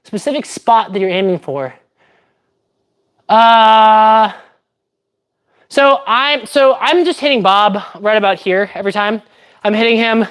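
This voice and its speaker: A woman's voice: a little high, unhurried, pauses often, clear, resonant tone. Chatty woman explaining fencing technique. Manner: chatty, thinks aloud, explains technique step by step. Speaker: fencer streaming her training. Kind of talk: casual livestream chat while training.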